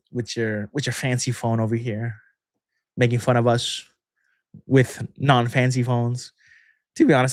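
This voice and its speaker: A man's voice: medium pitch, dry recording, clean studio sound. A young man hosting a casual livestream Q&A as a manifestation coach, chatty and rambling, laughing often between thoughts.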